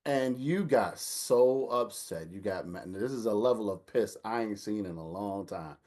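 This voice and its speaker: A man, telling a lively family story in casual chat and acting out the voices of the people in it. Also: on the low side, normal speed. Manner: animated storyteller, acts out quotes, laughs while telling. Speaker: older brother telling a story.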